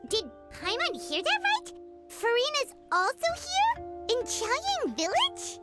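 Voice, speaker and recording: Tiny excitable game creature, squeaky high voice, sing-song lilt. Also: female voice, slow pace, over loud music, full character voice. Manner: excitable, refers to herself in third person. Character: tiny chirpy floating female companion creature.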